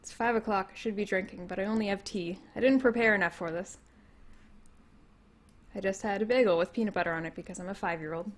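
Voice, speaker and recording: A young woman with a Canadian accent, a little hoarse from losing her voice, rambling through a casual livestream from home, laughing often. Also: medium pitch, fast talker. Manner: rambling, laughs often, reads chat comments aloud. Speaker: livestream host. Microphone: computer mic.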